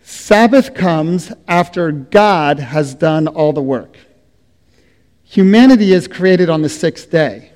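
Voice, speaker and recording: A middle-aged man preaching a sermon as a pastor, speaking slowly and deliberately, letting his phrases trail off softly. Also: on the high side, lively intonation. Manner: slow, deliberate preaching with soft trailing endings. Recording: long reverb of a hall.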